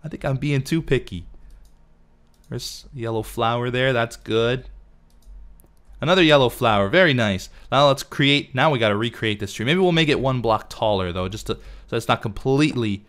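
A man's voice: mid-range voice, moderate pace, fairly bright tone. A man casually narrating his own gameplay, talking to himself as he builds and fusses over details. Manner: chatty, talks to himself while building. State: losing his voice. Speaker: let's play host.

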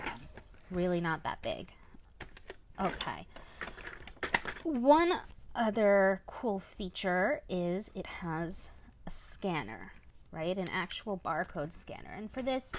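Unhurried mother reviewing a toy. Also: medium pitch, background noise. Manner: chatty, often adds a questioning "right?". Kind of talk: casual product review.

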